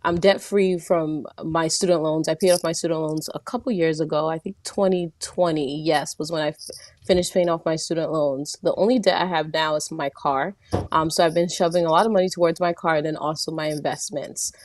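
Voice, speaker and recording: A woman's voice: deep voice, fairly even intonation, fairly quick. A woman in her twenties from Rhode Island, calling in politely and chattily with a question. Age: 20s. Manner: polite, chatty, laughing easily. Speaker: caller. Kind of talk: phone-in question.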